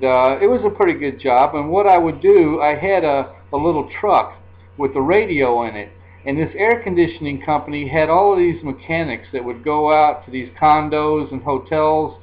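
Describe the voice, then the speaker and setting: A man's voice: on the high side, normal speed. A man in his sixties telling a personal story in a casual, rambling way, often repeating himself. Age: 60s. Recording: dull lo-fi recording.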